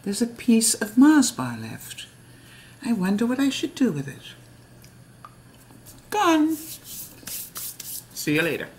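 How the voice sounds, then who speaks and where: A woman's voice: fairly high pitch, huge pitch swings, slow, pauses often, a little mellow. Woman host, home cooking vlog, chatty and giggly, light background hiss. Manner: chatty, giggly, self-mocking. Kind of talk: casual kitchen vlog chat. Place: home kitchen.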